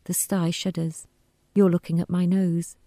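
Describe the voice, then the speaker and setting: A woman reading a first-person story aloud in a quiet, wry, deadpan manner. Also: on the low side, unhurried, dry recording. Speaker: narrator.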